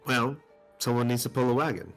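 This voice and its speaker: A man playing his character in a tabletop role-play, talking haltingly and laughing easily. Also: mid-range voice, faint music behind. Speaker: player.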